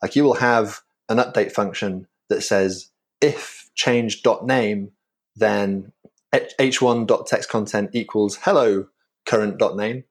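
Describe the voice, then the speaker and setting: A man from England with a Yorkshire accent, a guest on a technical podcast, explaining his software carefully with small restarts. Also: fairly low pitch, slow. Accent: Yorkshire English. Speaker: guest, framework creator.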